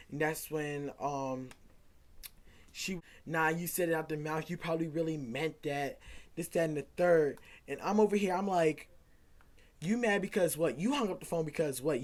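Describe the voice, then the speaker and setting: A young man, likely in his teens, telling a casual storytime, rambling and animated as he acts out quoted back-and-forth dialogue. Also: high voice. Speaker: vlogger.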